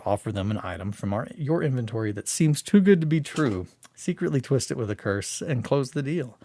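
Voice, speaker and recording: A man hosting a casual morning chat stream, talking in an excitable, rambling way with many restarts. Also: fairly low pitch, dry recording. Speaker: hobby streamer.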